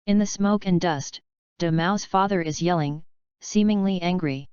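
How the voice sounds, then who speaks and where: A woman narrating a fanfiction audiobook in a flat, even reading, with a dull lo-fi sound. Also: lowish voice, moderate pace, clean tone, dry recording. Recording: dull lo-fi dry recording.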